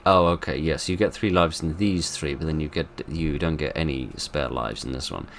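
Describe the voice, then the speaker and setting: A man narrating a game playthrough, with theatrical polite exasperation that swings from loud outbursts to quiet murmurs. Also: a bass voice, moderate pace, vocal fry, slight background noise. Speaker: gaming video host. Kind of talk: let's play commentary.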